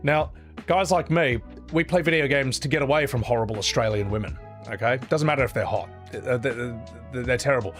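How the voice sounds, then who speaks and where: Over soft background music, a man talks casually on a live stream in a brisk, mid-range voice with a bit of brightness. He's blunt and opinionated, swears freely, and rambles through his points, restarting as he goes.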